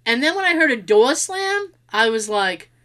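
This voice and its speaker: Animated high-voiced woman telling stories. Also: moderate pace. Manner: animated storyteller, acts out quotes, laughs often. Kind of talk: casual chat recapping a ghost show.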